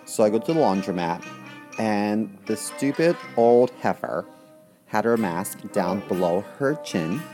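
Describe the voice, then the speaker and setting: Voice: deep voice, animated, unhurried, mellow. A podcast co-host telling a story in casual chat, blunt and full of swearing. The voice rises and falls a lot as the story goes. Faint guitar music plays in the background.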